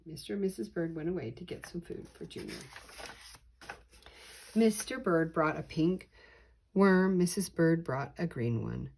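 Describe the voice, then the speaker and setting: An older woman, a grandmother, reading a children's picture book aloud slowly and expressively. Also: low voice, vocal fry, breathy edge. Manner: slow, deliberate, expressive reading. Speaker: storyteller.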